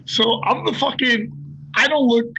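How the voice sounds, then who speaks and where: Excitable, husky-voiced older man. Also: very high-pitched, a little slow, highs cut off. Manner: animated, profane, laughing storyteller. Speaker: guest fighter. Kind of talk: casual storytelling.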